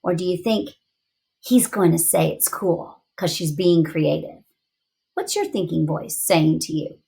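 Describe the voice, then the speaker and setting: A woman teaching young children in a read-aloud lesson, asking questions in an expressive, encouraging way. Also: lowish voice, unhurried, vocal fry.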